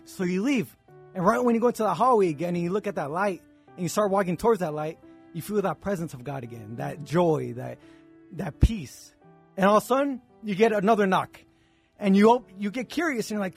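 A man's voice: sits high, animated, a little fast, slightly rough, faint music behind. A man co-hosting a podcast, telling a long religious parable in casual chat, acting out the characters' lines and checking in with "right?". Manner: storytelling, acts out dialogue, repeats "right?". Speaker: podcast co-host.

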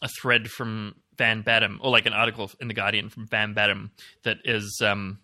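Aussie guy cohosting a pod, rambly, lots of ums, swears a bit, super bright voice. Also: fairly low pitch, little pitch movement, normal speed. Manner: rambling, sweary, with many fillers. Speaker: podcast co-host. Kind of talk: casual chat.

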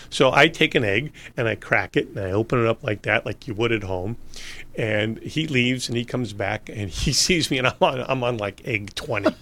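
A man in a relaxed conversation, spinning long anecdotes with plenty of restarts and chuckles. His voice sits at an ordinary middle pitch. He talks freely and at length, one story leading into the next. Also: normal speed. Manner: rambling anecdotes with laughs and restarts. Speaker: interview guest. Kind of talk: casual storytelling.

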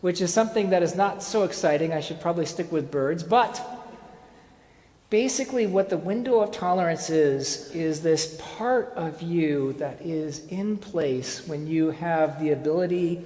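A lecturer talks through an informal presentation in a relaxed, conversational way, with dry asides, halting restarts and plenty of fillers. The voice sits at an ordinary middle pitch. It rings around a large hall with a long, roomy reverb. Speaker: speaker giving a presentation. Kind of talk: informal lecture with slides and a told parable.

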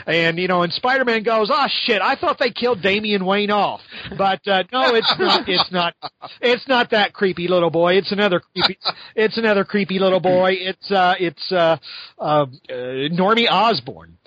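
High-voiced man rambling sarcastically. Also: moderate pace, fairly bright tone, dull audio. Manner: rambling, sarcastic, laughs often. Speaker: podcast host. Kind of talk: casual comic book review chat.

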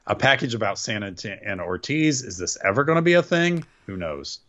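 Podcast co-host, male, sarcastic grumbler recapping shows; lively pitch, dull lo-fi sound. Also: a little fast. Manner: sarcastic, complaining, trips over words. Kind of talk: casual wrestling recap chat.

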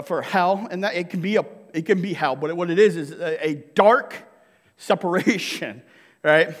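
A man's voice: high-pitched, big-room sound. A male pastor preaching a sermon to his congregation, joking and often checking in with "right?". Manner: jokey, keeps asking the congregation "right?". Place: church sanctuary.

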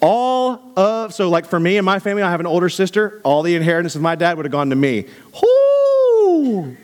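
A man preaching to a congregation, animated and conversational, dropping low for asides. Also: fast talker. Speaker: pastor. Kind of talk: sermon.

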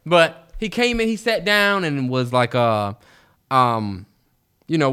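A man co-hosting a podcast, chatting casually, telling animated stories and swearing freely. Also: on the high side, normal speed, clean tone. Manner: animated storytelling, swears freely, mimics others. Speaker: podcast co-host. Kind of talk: casual chat.

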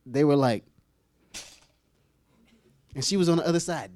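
A man preaching a humorous storytelling sermon as pastor, acting out scenes with sudden high squeals and laughter. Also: normal speed. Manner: animated, acts out voices with sudden high-pitched squeals and laughs.

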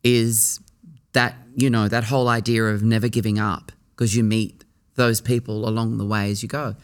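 A middle-aged man from Australia, a theatre actor, recalling his early career in a reflective interview, talking in a musing way with restarts and pauses. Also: fairly low pitch, little pitch movement.

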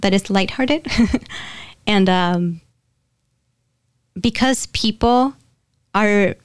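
A woman's voice: medium pitch, drawn-out words, smooth, no room sound, clean studio sound. A woman working as a spiritual medium, talking casually and rambling with many fillers, giggling often. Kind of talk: casual channeling session.

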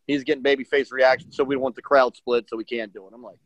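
A man's voice: medium pitch, fast talker, hardly any pauses, no echo. A middle-aged man, a professional wrestler, telling a story in a casual interview, acting out what people said with lots of fillers. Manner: animated, acts out quotes, many fillers. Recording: dull lo-fi dry sound.

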